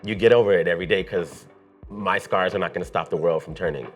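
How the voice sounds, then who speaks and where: A man's voice: deep voice, fast, soft background music. A man, a singer being interviewed, talking openly and emphatically with a preacher-like cadence. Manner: open and heartfelt. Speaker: singer and songwriter guest. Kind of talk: candid interview conversation.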